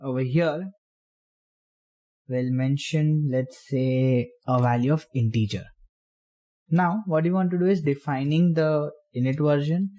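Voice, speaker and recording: A man explaining programming step by step while typing, in halting phrases. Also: a little high, mellow. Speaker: programming tutor. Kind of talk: screen-recorded coding tutorial.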